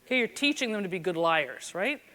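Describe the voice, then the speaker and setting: A woman speaks from a conference stage in a mid-range voice, telling stories in a lively, chatty way. Her talk rings with the long reverb of a large hall. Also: mid-range voice, fairly quick. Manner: animated, conversational, lively storytelling. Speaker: keynote speaker, former police officer. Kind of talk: conference keynote storytelling.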